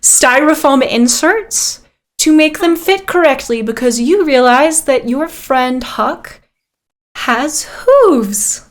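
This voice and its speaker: A woman narrating a tabletop game as game master, describing scenes in an unhurried way with frequent ums. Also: sits high, animated.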